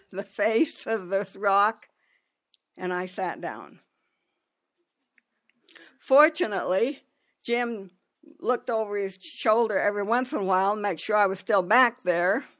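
A woman telling a personal story in an unhurried, halting way, with pauses and restarts. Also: medium pitch, a bit bright.

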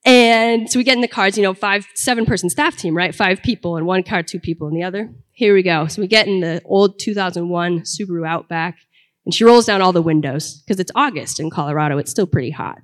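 A woman's voice: fairly low pitch, a little fast. A young woman telling a personal story to an audience in a conversational, comic way that builds to punchlines. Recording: long hall reverb.

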